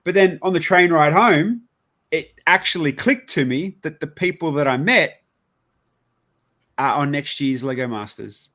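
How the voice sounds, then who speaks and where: An Australian man chats in a loose, rambling way and acts out the bits of dialogue as he goes. His voice sits a touch high for a man, and he throws in casual swearing. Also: animated, unhurried, sharp tone. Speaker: podcast host. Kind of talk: casual storytelling chat.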